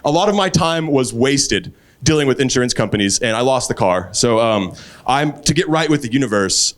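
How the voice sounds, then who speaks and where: On a comedy club stage, a stand-up comedian from Texas works the room, his animated voice jumping high into loud, acted-out quotes. The crowd laughs loudly throughout this live recording.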